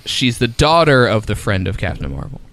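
A man co-hosting a podcast, chatting casually and jumping in with quick remarks and corrections. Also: on the low side, very animated, fairly bright tone. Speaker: podcast co-host. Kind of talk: casual chat.

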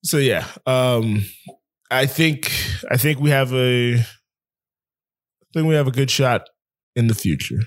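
A man's voice: mid-range voice, a little slow, pauses often, no room sound, studio quality. A young man co-hosting a casual sports podcast, ranting with heat and swearing, laughing now and then. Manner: heated, profane ranting with laughs. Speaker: podcast co-host.

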